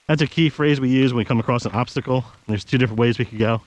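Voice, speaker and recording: A man's voice: mid-range voice, racing, darkish tone, no echo, rough recording. Guy vlogging a snowy hike outdoors, chatty, bossing his dog around, dry close sound. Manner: chatty, gives his dog firm commands. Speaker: hiking vlogger. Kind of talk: casual narration while hiking. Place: snowy wooded trail outdoors. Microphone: action camera.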